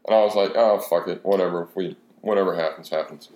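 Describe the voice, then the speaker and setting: In an echoey room, a man in his twenties with a low, steady, slightly mellow voice talks fast through a rambling, profane bar story in casual chat. He acts out the other people's lines as the tale goes on.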